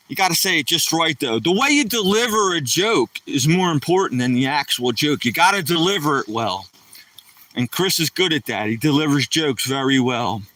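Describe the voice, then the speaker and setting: A man's voice: fairly high pitch, pushed and bright, no room sound. A middle-aged man rambling and joking casually on a live stream, somewhat far from the mic.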